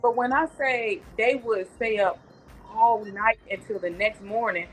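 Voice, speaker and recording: A woman's voice: on the high side, a little slow, a little hiss or hum, low-quality recording. A woman guest on a talk show, chatting in a rambling, tender way while remembering her late nephew over a video call. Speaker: guest, aunt of the deceased.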